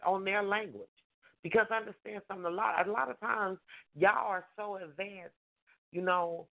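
A woman life coach hosting a call-in show. She gives relationship advice emphatically, repeats her points and acts out the voices of the couples she describes. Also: fairly low pitch. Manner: emphatic, repetitive preaching with acted-out mimicry. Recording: tinny phone-line sound.

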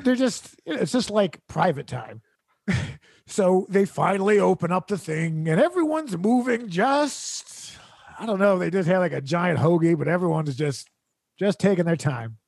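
A man's voice: high-pitched, animated, a little slow, gravelly, a little mellow, dry recording. A man hosting a podcast, telling a funny, exasperated story full of sarcasm and laughter. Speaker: podcast host. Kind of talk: comedic storytelling rant.

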